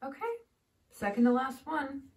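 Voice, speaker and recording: A woman's voice: sits high, lively intonation, moderate pace, a little mellow. A woman who owns a cat talks to it in playful, sing-song baby talk as she teaches it words in a casual home vlog. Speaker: cat owner teaching her cat.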